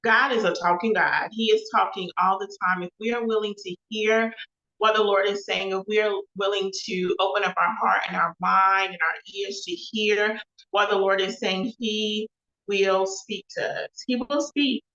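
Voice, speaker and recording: A bright-voiced woman chats on her own livestream, looping back over phrases and calling her viewers y'all. The sound is echoey and a little dull, like a home room picked up by a basic mic. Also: mid-range voice, flat delivery, moderate pace. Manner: chatty, repeats phrases, addresses viewers as y'all. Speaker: host of a live show and podcast. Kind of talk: casual livestream talk with faith references.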